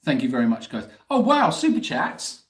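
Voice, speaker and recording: Guy hosting a live q&a, kinda high voice, teasing and chatty, echoey room. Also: huge pitch swings, normal speed. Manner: chatty, teasing, reading out viewer messages. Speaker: live stream host. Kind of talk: casual live Q&A chat. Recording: roomy echo.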